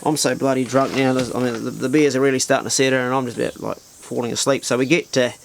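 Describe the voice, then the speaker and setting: A man's voice: medium pitch, steady tone, fast talker, creaky, slight background noise. A man telling a bawdy story in a casual, crude and self-mocking way, talking straight to the listener.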